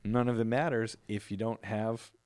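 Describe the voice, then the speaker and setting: A man's voice: fairly low pitch, fairly even intonation, normal speed, a little mellow, no room sound. A man co-hosting a podcast in casual chat, talking earnestly and sentimentally about songs he loves. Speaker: podcast co-host; improv actor.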